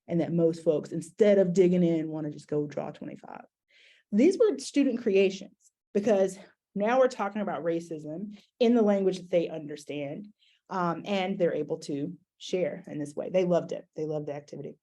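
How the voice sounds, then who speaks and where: A woman's voice: on the low side, moderate pace, mellow. A middle-aged woman educator giving a conversational talk to an audience, with frequent fillers and restarts. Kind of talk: conference talk presentation.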